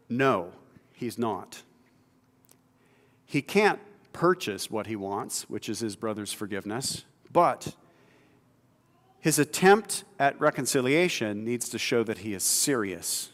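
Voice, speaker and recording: A man's voice: medium pitch, expressive, measured pace. Man preaching in a reverberant hall. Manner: conversational preaching that builds to emphatic, louder stretches. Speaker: pastor. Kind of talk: sermon.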